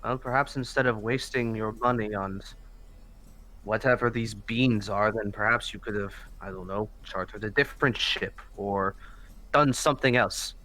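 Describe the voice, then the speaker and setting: Man, tabletop player, lowish, bright, blunt, lecturing. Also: moderate pace, rough recording. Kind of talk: tabletop role-play.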